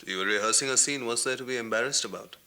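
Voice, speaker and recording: Dry, guarded film director. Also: male voice, mid-range voice. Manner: measured, dry, quietly probing. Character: guarded, dryly sarcastic male film director. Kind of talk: 1990s TV drama acting.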